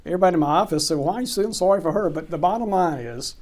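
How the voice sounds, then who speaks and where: Brief: male closing attorney, animated interview storyteller who voices each character. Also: high voice, racing. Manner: animated anecdote teller, acts out quoted dialogue. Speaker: real estate closing attorney.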